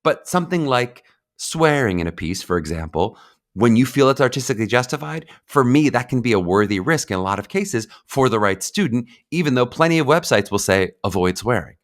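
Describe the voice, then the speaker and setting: A man's voice: medium pitch, lively intonation, brisk. A man hosting a podcast, giving audition advice in a conversational, thinking-aloud way and often checking in with "right?". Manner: conversational, tags ideas with "right?". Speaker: podcast host. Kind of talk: solo podcast commentary.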